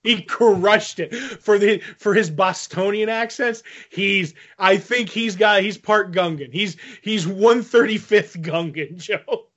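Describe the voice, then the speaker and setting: This podcast co-host is a man with a high, slightly bright voice who speaks slowly with hardly any pauses. He rambles casually, full of fillers and restarts, and the audio sounds dull and lo-fi.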